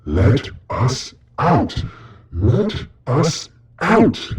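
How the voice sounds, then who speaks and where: Deep, demonic voices of trapped creatures bellow slowly, their pitch lurching wildly up and down, as a man narrating a horror story puts them on. The sound is drawn out and menacing. It rings with echo, as if from far off. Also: wildly swooping pitch, exaggerated voice. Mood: demonic yelling. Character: chorus of demonic trapped movie characters.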